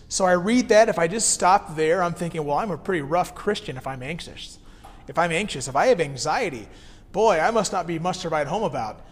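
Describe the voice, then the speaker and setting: Male pastor, 30s, slightly high voice, relaxed sermon delivery, reverberant hall sound. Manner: conversational, reads scripture then explains it plainly. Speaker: care pastor.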